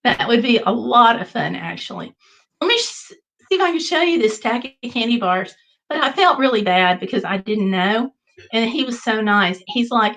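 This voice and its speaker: A woman hosting a casual livestream, telling a travel story in an animated way and reading viewer comments aloud. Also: on the high side, moderate pace, poor audio. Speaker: livestream host. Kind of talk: casual live chat.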